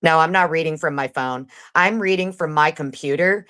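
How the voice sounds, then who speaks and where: A woman hosting a casual livestream, reading a legal document aloud quickly and breaking off into sarcastic, profane asides to her chat. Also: low voice, fairly bright tone, clean tone. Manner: fast reader. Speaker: livestream host.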